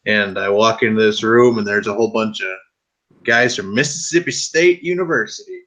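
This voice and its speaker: A man's voice: on the low side, normal speed. A man from Wisconsin, casually telling a story to friends on a podcast and swearing freely. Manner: animated, acts out others' voices, swears freely.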